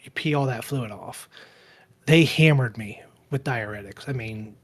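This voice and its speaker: A man around forty, co-hosting a relaxed podcast. He tells his story in a loose, rambling way, stops to correct himself, and briefly takes on the voices of people in his story. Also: medium pitch, unhurried. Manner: rambling, self-correcting storyteller who acts out quoted dialogue. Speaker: podcast co-host. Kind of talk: casual storytelling chat.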